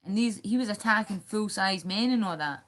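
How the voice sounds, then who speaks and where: A woman's voice: medium pitch, normal speed, fairly bright tone. A Scottish woman rambling and swearing on a live stream, chatting directly to her viewers. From Scotland.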